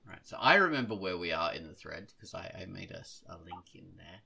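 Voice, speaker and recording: A man's voice: sits low, expressive, brisk, vocal fry, sharp tone, husky. A man hosting a casual podcast, rambling, correcting himself and laughing at his own slips. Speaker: podcast host.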